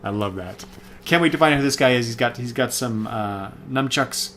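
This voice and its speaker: A man's voice: medium pitch, moderate pace, a bit bright, a little hiss or hum. A man giving a casual, rambling spoken review of comics, full of fillers and self-corrections.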